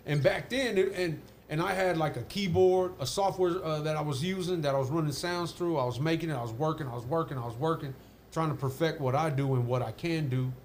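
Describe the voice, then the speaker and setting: A man who makes music tells a story in a casual podcast chat and acts out the quotes in his tale. His voice sits a little high, with a faint noisy background. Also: brisk. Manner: animated storytelling, acting out quotes. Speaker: music producer guest.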